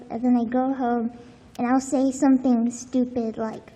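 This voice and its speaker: A teenage girl on a convention panel, talking earnestly and excitedly. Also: a little high, moderate pace, in a large hall. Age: teens. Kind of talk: panel talk. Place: convention stage.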